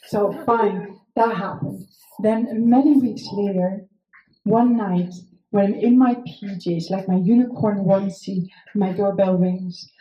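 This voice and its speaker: A woman's voice: mid-range voice, fairly even intonation, unhurried, dull audio. A woman telling a wild personal story in a casual, rambling way, swearing freely and dropping fillers; English is not her first language. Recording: echoey room, faint noise.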